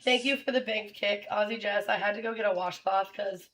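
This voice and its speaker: A woman's voice: medium pitch, brisk, a bit bright. A woman hosting a casual live stream, chatty and playful with callers. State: sweaty, on medication. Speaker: stream host. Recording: distant mic with clear background noise.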